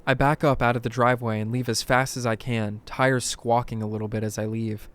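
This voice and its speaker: A man gives a scripted, dramatic reading of spooky first-person stories in a middle-pitched, level voice, going a little fast. He hushes as tension builds and bursts out in alarm when things go wrong.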